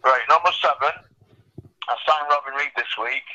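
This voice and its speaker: A man's voice: medium pitch, moderate pace, sharp tone. Sweary man ranting down a phone line. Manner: blunt, sweary, numbered points. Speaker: phone-in guest. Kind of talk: profane boxing rant.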